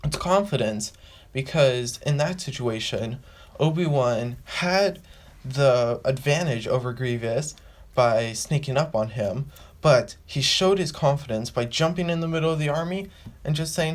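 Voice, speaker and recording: A man's voice: medium pitch, measured pace. A man hosting a casual fan explainer, rambling and restarting, and repeating phrases as he works through his point. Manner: acts out quoted lines with a raised voice. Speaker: fan video host.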